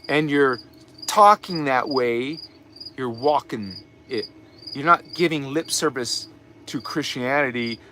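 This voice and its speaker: High, bright-voiced man preaching. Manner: emphatic, preachy, with mocking asides and repetitions. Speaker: spiritual teacher and channel host. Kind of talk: live spiritual teaching talk.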